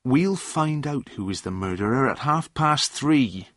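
A man voicing a steady young man who speaks firmly and in a measured way. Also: medium pitch, no room sound, studio quality, voice pushed up. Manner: firm, measured speech. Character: steady, firm young man, calm leader.

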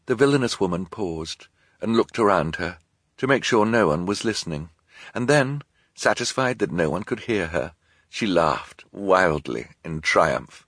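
Low, husky male storybook narrator. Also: expressive, a bit bright, no echo. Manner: dry, measured storytelling. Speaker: audiobook narrator.

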